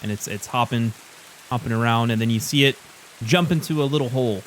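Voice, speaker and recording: A man narrating a tabletop role-playing game as dungeon master, playful and relaxed. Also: mid-range voice, brisk, slight background noise.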